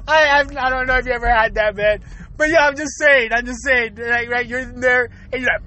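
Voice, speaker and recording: A man's voice: extremely high pitch, fairly quick, pushed and bright. A man telling a crude comedic story to his viewers, laughing constantly through his words and acting out noises.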